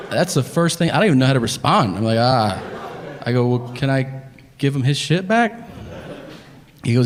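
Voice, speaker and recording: Exasperated man doing stand-up, lively pitch. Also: brisk, pauses often, slight background noise. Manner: deadpan, exasperated, acts out dialogue. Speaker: stand-up comedian. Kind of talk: stand-up storytelling. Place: comedy theater stage. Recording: live theater hall with faint ambience. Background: audience laughter.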